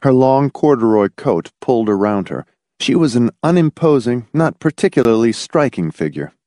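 A man reads a novel aloud as its narrator, with an expressive storyteller's delivery. His pitch moves a lot, and the mid-range voice sits close in a dry recording with no room sound. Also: moderate pace, dry recording. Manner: expressive storyteller, voicing several characters. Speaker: audiobook narrator. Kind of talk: scripted narration.

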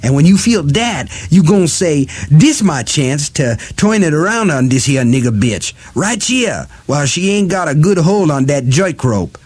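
A man's voice: a little high, very animated, moderate pace, hardly any pauses, a little mellow, slightly rough, voice pushed up. A man voicing a cruel, cackling woman captor who taunts and croons her threats in an audiobook. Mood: threatening. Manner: mocking drawl, crooning threats. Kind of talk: audiobook character voice.

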